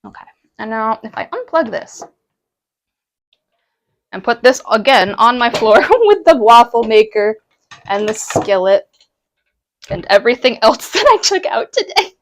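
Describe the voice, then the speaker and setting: A woman's voice: on the high side, big pitch swings, unhurried, long pauses. A young woman chatting casually with her stream from home while she cooks and eats brunch, bubbly and laughing often. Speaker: live streamer.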